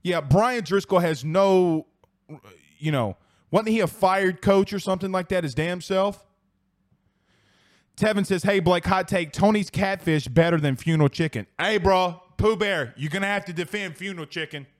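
A man's voice: high voice, normal speed. A man from South Louisiana with an accent from there, hosting a sports talk show and ranting in a heated, profane way while reading live comments.

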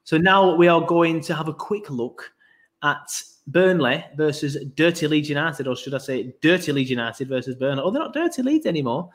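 Rambling podcast host. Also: male voice, a little high, normal speed, fairly bright tone. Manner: rambling, full of ums and asides. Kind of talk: casual podcast chat.

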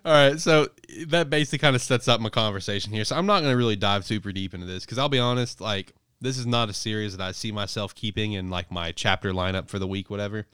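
A man's voice: on the low side, quick pace, few pauses, smooth, dry recording, studio quality. Profane, rambling man recapping a manga. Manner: profane, rambling, animated storytelling. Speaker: podcast host reviewing manga. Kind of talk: casual chat.

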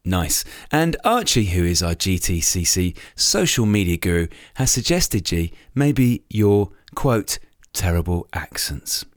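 A man's voice: low voice, very animated, a little slow, few pauses, no room sound, studio quality. A man hosting a cycling club podcast in an upbeat, chatty way. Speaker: podcast host, club chairman. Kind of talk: casual podcast chat.

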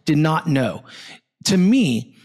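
A man in his thirties, from Florida, hosting a casual interview chat, blunt and excitable, swearing freely and calling his guest "dude". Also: fairly high pitch, slow pace, breathy edge. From Southwest Florida. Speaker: podcast host.

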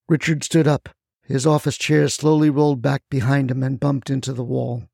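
A man's voice: mid-range voice, level tone, normal speed, creaky, mellow, dry recording, studio quality. A man narrating a first-person story in a scripted, wry storytelling manner.

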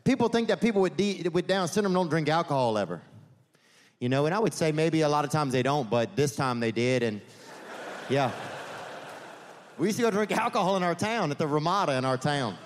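On a theater stage, a man with a highish, animated voice does a stand-up comedy set at a fairly quick clip. He rambles through meandering digressions, leaning on "man" and "you know," in a reverberant theater with faint audience ambience.

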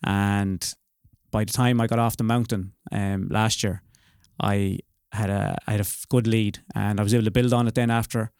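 A man's voice: on the low side, little pitch movement, normal speed, few pauses, darkish tone, smooth, no echo, studio quality. An Irish man being interviewed on a podcast about winning a race, easygoing and modest, with frequent ums. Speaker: podcast guest, race winner. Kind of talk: casual interview.

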